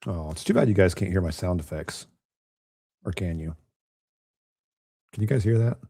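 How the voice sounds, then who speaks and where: A man with a chest cold commentating a pool match from home, raspy and hoarse, chatting and joking straight to his viewers. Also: low voice, moderate pace, mellow. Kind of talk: casual live commentary. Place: at home, quiet room.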